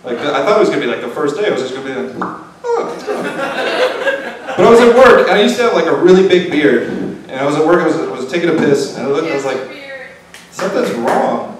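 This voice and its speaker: A man's voice: fairly high pitch, animated, rapid-fire, hardly any pauses, a crowd in the background. A young man doing a self-deprecating stand-up routine at an open mic night in a restaurant bar. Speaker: stand-up comedian. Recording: echoey room, distant mic, background noise.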